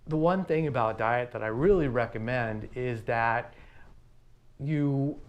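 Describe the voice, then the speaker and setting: A man in his fifties leading a livestream workout class, talking plainly and slowly with many pauses and ums. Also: medium pitch, a little hiss or hum. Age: 50s. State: out of breath. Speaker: fitness instructor.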